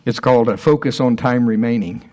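Minister in his sixties, casual teaching to a small group; halting delivery with frequent restarts. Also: medium pitch, darkish tone. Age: 60s. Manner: halting, stops and restarts often, chuckles between thoughts. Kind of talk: informal teaching talk.

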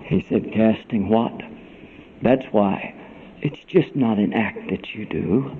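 A man preaching a sermon, swinging between loud cries and hushed whispers and calling the congregation "brother". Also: lowish voice, takes it slowly, a little hiss or hum. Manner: dramatic swings from shouts to whispers. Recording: tinny phone-like radio broadcast.

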